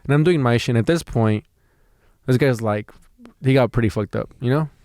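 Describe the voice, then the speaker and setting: Man, comedian, rambling story, swears a lot, mid pitch, dry close sound. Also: fairly quick, a little mellow, no room sound. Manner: rambling, swearing, lots of fillers and restarts. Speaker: comedian and podcast co-host. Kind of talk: casual storytelling chat.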